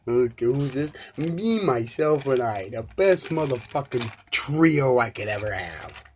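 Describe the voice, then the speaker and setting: A man hosting a solo live podcast, ranting in a rambling, profane way, swinging from loud outbursts to low mumbles. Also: expressive, slow, background noise. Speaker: podcast host.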